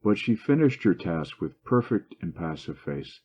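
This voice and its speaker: A man reading a classic short story aloud in steady, even narration. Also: sits low, moderate pace. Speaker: story reader. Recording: dull lo-fi recording.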